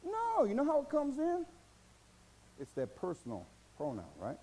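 Preaching at a moderate pace with huge swings in pitch, this pastor keeps his sermon folksy and colloquial, moving from low murmurs to loud, high outbursts. The audio quality is rough.

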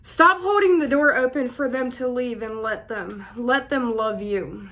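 A young woman speaking in an emotional personal vlog, close to tears, pausing often and calling her viewers y'all. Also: fairly high pitch, a bit bright. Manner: tearful, holding back crying, pausing often. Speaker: vlogger.

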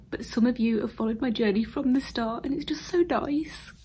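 A newly qualified nurse in her thirties, English-accented, vlogs to camera from an emptied room at home at a normal pace. Her voice sits on the high side with a dark tone, and there's slight background noise. Emotional and teary, she repeatedly drops into whispers.

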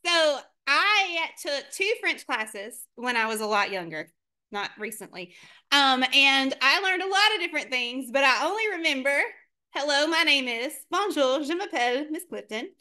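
A woman teacher leading a lesson for children, upbeat and encouraging, modeling words slowly and clearly. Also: high voice, expressive, sharp tone.

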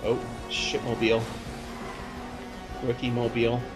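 A man's voice: mid-range voice, monotone, a little slow. A man playing a video game and commenting casually, exasperated and swearing often, with game music behind him. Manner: exasperated, swears a lot, yelps in frustration. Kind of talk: casual let's-play commentary.

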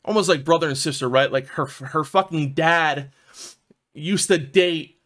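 At a measured pace, a South Philly vlogger with a slightly high, somewhat bright voice tells his own recovery story in a casual, personal way. His speech rambles and gets profane, with plenty of "man" and "dude."

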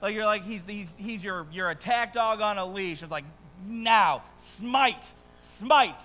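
A man preaching a sermon as pastor, conversational and animated, with quick asides and rising emphasis, speaking to a congregation in a church. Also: high-pitched, rough recording. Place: church sanctuary before a congregation.

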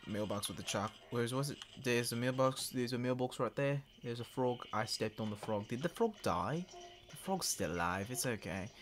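A man giving casual, profane gameplay commentary, swinging between low mumbling and excited yelps. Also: normal speed. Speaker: game streamer.

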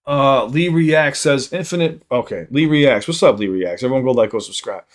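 A man casually chatting on a livestream while high, swearing a lot and reading chat aloud. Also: normal speed. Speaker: live streamer.

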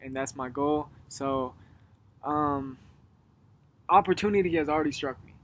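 A man's voice: fairly high pitch, a little slow. Rambling young man telling a story. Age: young adult. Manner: rambling storyteller, animated when retelling. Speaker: guest. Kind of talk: casual chat. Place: outdoors at dusk.

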